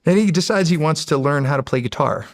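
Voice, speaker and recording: A middle-aged man with a gravelly, rough-edged voice recounts old military stories on a podcast. He talks casually, swears freely and laughs often, and he acts out the other people in his stories. The sound is dry and close, with no room echo. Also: fairly high pitch, lively intonation, fast talker. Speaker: podcast guest, former Navy SEAL. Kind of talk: casual storytelling.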